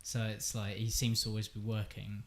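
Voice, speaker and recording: A woman hosting a podcast interview in a relaxed way, laughing a lot and sometimes losing her train of thought. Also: very deep voice, normal speed, a crowd in the background. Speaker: podcast host. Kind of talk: casual interview chat.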